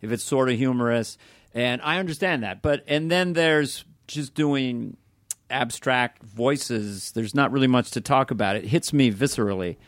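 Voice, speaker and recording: An older man talks reflectively about his comedy, unhurried and conversational. The sound is dry and close, with no room ring. He slips easily into voices mid-thought. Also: medium pitch, no echo. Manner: reflective, drifts into impressions. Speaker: comedian guest. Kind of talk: casual chat.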